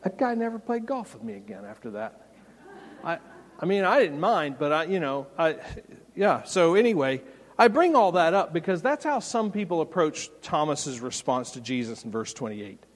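Male pastor, conversational and emphatic sermon, slightly high voice, long hall reverb. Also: big pitch swings, normal speed. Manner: conversational, emphatic preaching with folksy anecdotes.

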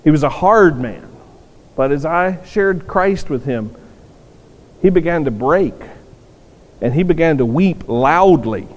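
A man's voice: fairly high pitch, animated, takes it slowly, pauses often. A man preaching a sermon in an earnest way, often repeating words for emphasis, in a church sanctuary. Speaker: pastor. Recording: long reverb of a large hall.

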